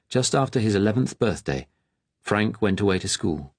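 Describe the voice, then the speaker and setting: A man reading a novel aloud in a measured, grave manner. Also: fairly low pitch, animated, dry recording. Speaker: audiobook narrator. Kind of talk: scripted narration.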